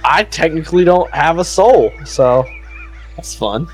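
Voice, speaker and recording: A man's voice: a little high, lively intonation, measured pace, soft background music. Brash, profane man playing a tabletop game. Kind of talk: casual game chat.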